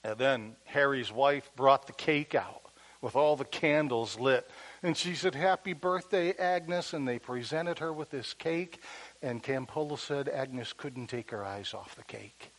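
A man preaching, telling a story in an animated way that drops to a hush at tender moments. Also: mid-range voice, unhurried, rough recording. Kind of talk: sermon storytelling.

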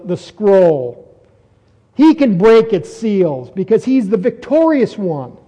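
A man's voice: high voice, sing-song, slow, warm tone, in a large hall. A man preaching an expository sermon, earnest and repeating phrases for emphasis as his voice rises on key points.

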